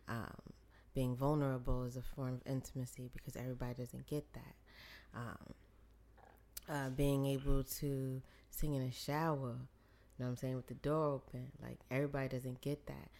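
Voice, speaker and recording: A woman's voice: a bass voice, a little mellow. A woman co-hosting a podcast in casual chat, thoughtful, with many fillers and easy laughter. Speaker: podcast co-host.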